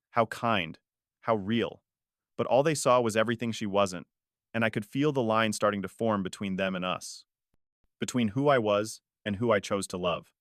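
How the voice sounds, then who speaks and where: Low-voiced man narrating a dramatic story. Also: a bit bright, no echo, clean studio sound. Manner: measured, dramatic first-person storytelling. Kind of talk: scripted narration.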